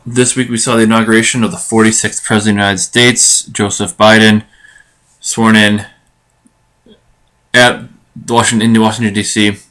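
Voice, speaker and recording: Male solo podcast host, low and fairly monotone, hesitant delivery packed with fillers and restarts. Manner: halting, full of ums and restarts. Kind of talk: solo political commentary monologue.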